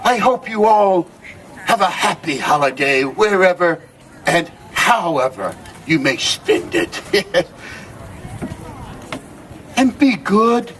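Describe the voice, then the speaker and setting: A man's voice: high-pitched, big pitch swings, slow pace, pauses often, fairly bright tone, far from the mic, slight background noise, exaggerated voice. A man playing a jolly old Christmas gift-bringer, telling holiday stories to a live crowd with theatrical exclamations and frequent chuckles. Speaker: costumed storyteller. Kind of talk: live character storytelling to a crowd.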